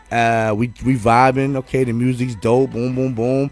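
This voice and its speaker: A man's voice: mid-range voice, a little slow, soft background music. A man telling a funny story in a casual chat, profane and full of fillers. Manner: animated, profane, heavy on fillers. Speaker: podcast co-host.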